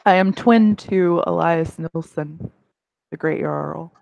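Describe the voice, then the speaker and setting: A player voicing a reserved young werewolf woman in a tabletop game, speaking slowly and quietly. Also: medium pitch, creaky, no echo, poor audio. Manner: slow, measured and quiet.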